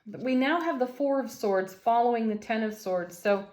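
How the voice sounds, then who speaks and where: A woman giving a daily tarot reading, gentle and enthusiastic, with affirming words for her viewers. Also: on the high side, normal speed. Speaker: tarot reader. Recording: roomy echo.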